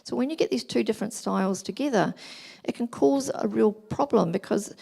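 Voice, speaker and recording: A middle-aged woman giving a talk at a church family weekend, explaining gently and acting out examples. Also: fairly high pitch, brisk, vocal fry, breathy edge. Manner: gentle, explanatory, acts out examples in quoted voices.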